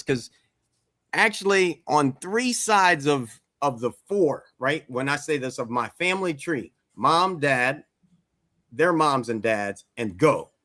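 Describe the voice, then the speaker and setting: A man's voice: fairly high pitch, a bit bright, no room sound, clean studio sound. A middle-aged man from Washington, D.C., coaching a men's circle, speaking bluntly and emphatically with some swearing. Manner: blunt, emphatic, swears, repeats "let's get real". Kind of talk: candid group talk.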